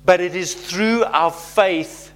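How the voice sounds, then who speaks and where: A man preaching a sermon, animated and conversational, often checking in with his listeners. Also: high voice, takes it slowly, faint music behind. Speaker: pastor.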